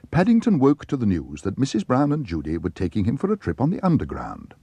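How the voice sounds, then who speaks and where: A man narrating a cartoon storybook in a gentle, wry way. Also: medium pitch, huge pitch swings, fast talker, slightly rough, soft background music.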